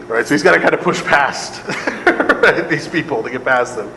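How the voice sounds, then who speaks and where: A man's voice: on the high side, expressive, normal speed, few pauses, fairly bright tone. A man, a priest, leading a Bible study lecture in a conversational way, often asking "right?", laughing and adding sarcastic asides. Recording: echoey room, long reverb, faint air conditioning hum.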